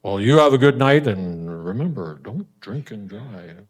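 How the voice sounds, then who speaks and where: Polite male traffic cop, dry and even, done by a man telling a story. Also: lowish voice, measured pace. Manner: polite, matter-of-fact.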